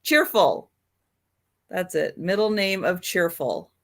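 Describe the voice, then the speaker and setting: Woman host, slow and gentle, runs a live photo auction. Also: lowish voice, sing-song, creaky. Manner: unhurried, gentle and kind. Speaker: host and seller of old photos. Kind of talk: live sale chat.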